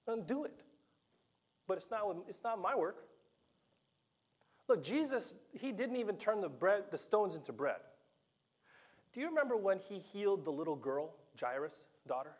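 A man preaching a sermon to a congregation, animated and playful, acting out the dialogue of the scripture story with laughs and asides. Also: high voice, husky. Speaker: pastor.

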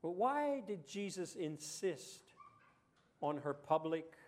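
A pastor with a darkish tone takes his sermon slowly, his pitch swinging widely. He speaks conversationally, asking the audience rhetorical questions and acting out the voices he quotes with sudden pitch jumps.

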